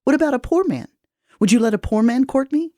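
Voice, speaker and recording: A woman's voice: high voice, animated, brisk, mellow, no echo, studio quality, voice pushed up. A woman voicing a defiant young noble daughter. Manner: defiant, pleading.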